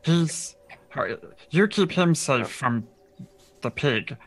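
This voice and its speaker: A man voicing a small, quick tree-climbing creature who talks in broken, clipped phrases. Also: fairly high pitch, expressive, noisy background, pitched above the performer's own voice. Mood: bossy.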